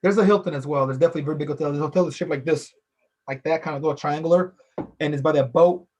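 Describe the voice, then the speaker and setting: This man's voice is fairly high and darkish, and he talks very fast. Hosting a casual solo podcast out of Philadelphia, he drifts along loosely, circling back to the same phrases and leaning on "you know".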